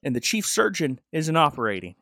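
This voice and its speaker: A man's voice: on the high side, sing-song, a little fast, creaky, bright, forceful tone, no room sound, studio quality. A man casually recapping a TV episode with joking, rambling asides. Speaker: podcast host.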